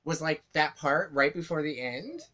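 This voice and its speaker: A man doing a quick teasing impression of his female co-host, repeating her phrasing in an exaggerated singsong. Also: on the high side, background noise, close to an everyday voice. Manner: exaggerated, repetitive mocking.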